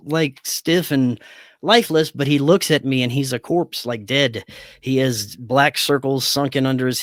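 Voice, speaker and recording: Male podcast guest telling a personal story, animated, voices the dialogue, dead dry room. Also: mid-range voice, dry recording. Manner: animated, acts out quoted dialogue. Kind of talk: casual storytelling.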